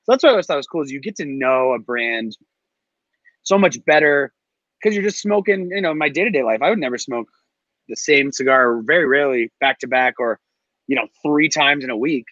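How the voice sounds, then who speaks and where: A man, a guest on a podcast, telling stories casually in an animated, filler-heavy way. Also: mid-range voice, brisk, dry recording, highs cut off. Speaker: guest, co-host of a cigar show. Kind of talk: casual chat.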